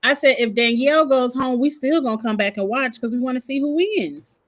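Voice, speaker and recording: A woman co-hosting a casual chat show, relaxed and conversational as she speculates. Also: sits high, brisk. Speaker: podcast co-host.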